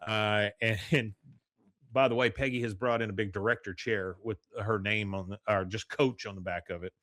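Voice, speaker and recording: A man's voice: fairly low pitch, fairly even intonation, moderate pace, a bit bright, no echo, studio quality. A man hosting a podcast, casually recapping a cartoon episode with lots of fillers. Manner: rambling, many fillers, reads quotes aloud. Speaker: podcast host.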